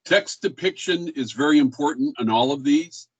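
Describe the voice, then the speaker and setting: A male music history teacher lectures in a casual, rambling way, filling pauses with ums and uhs. He voices speech rhythms to make his points. The recording is dry and close, with little room sound. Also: a little high, animated, breathy edge, dry recording, muffled recording.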